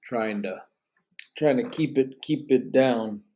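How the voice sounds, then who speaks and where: A man's voice: medium pitch, takes it slowly, warm tone, slight background noise. A man hosting a live podcast, reading out chat comments in a loose, rambling way with bits of Spanish slang, sounding tired and yawning. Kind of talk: casual live-stream chat.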